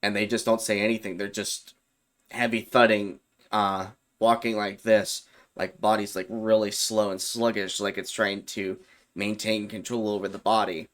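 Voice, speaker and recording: Low-voiced man telling a ghost story. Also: flat delivery, moderate pace, a bit bright. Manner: loose and rambling, with fillers and self-corrections. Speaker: YouTube storyteller. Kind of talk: casual spoken storytelling.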